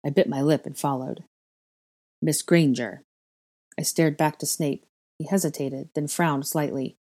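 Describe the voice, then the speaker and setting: A woman's voice: sits low, steady tone, moderate pace, mellow. A woman expressively reading a story aloud as narrator. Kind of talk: fan fiction reading.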